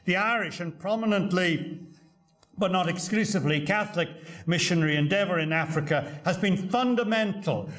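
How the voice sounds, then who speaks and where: An older male professor delivers a keynote lecture in a hall, his voice sitting a little higher than most men's. He tells stories with dry humour and stumbles over small fillers and repeated words as he goes. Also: moderate pace, a bit bright. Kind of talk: academic lecture with anecdotes.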